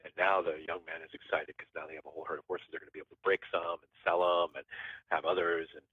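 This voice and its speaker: Man, podcast guest, rambling storyteller, deep voice, husky, phone-line audio. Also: level tone, fast, no room sound. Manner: rambling, restarts phrases mid-thought. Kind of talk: casual storytelling. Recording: tinny phone-line sound.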